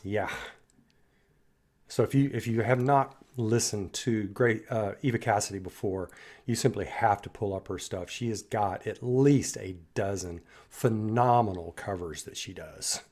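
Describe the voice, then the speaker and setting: A man with a somewhat low voice reacts to a song in a casual commentary. His talk is reflective and admiring, and his phrases often fade out into gentle pauses. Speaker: music reaction host.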